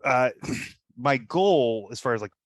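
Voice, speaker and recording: A man's voice: mid-range voice, expressive, takes it slowly, no echo, studio quality. A man playing in a tabletop role-playing game, chatting casually and asking about the rules. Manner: chatty, asks about rules, laughs easily. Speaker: player.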